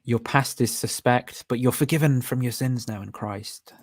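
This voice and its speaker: A man's voice: medium pitch, normal speed, dry recording. Casual rambling male livestream host. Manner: rambling, laughing at himself, thinking aloud.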